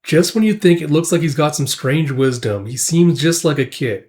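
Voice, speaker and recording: A man's voice: a little high, moderate pace, a little mellow, lightly acted. A man voicing a thoughtful, easygoing male mercenary in a casual comic recap, explaining things in a reflective way.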